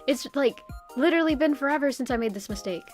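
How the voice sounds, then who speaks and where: A woman's voice: sits high, lively intonation, fast, soft background music. A young woman streamer chatting casually and rambling, with lots of "like" and frequent laughs. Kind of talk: casual live-stream chat.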